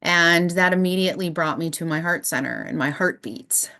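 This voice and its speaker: A woman in her thirties telling a personal spiritual story, thoughtful and full of pauses. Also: lowish voice, bright, forceful tone. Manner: thoughtful, with many pauses and fillers. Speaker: spiritual channel host. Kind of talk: reflective personal monologue.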